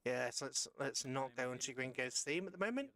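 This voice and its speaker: A tired man casually commenting as he plays a submarine game live, rambling and correcting himself with playful jumps in pitch. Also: lively intonation, moderate pace, fairly bright tone. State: tired after a long rough day. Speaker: streamer playing a submarine game.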